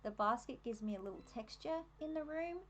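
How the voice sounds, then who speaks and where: A chatty young Australian woman talks her way through a live stream, her voice sitting a little high. She is easily distracted and laughs often. A faint hiss of noise sits under her voice. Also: expressive, a little fast, fairly bright tone, muffled recording. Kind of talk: casual live-stream commentary while decorating.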